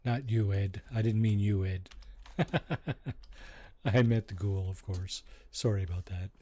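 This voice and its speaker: A man's voice: lowish voice, fairly even intonation, unhurried, dark tone, no room sound. A man casually commentating his game while streaming and chatting to viewers. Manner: chatty, talks to chat viewers by name.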